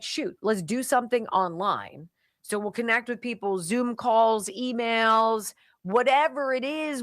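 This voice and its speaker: A woman's voice: lowish voice, dry recording, clean studio sound. A woman radio talk show host reading sponsor ads live in a chatty, emphatic, jokey way.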